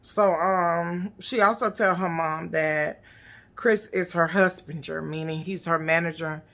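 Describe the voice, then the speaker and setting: A woman's voice: lowish voice, steady tone, unhurried, fairly bright tone. A woman recapping a reality TV episode in blunt, profane, sassy casual commentary. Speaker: TV recap vlogger.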